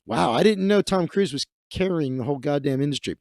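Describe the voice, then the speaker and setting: A man's voice: on the high side, expressive, brisk, creaky, hardly any pauses, a little mellow, dry recording, clean studio sound. Sarcastic male stream host. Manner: sarcastic, profane asides. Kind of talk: comedic live-stream commentary reading the news.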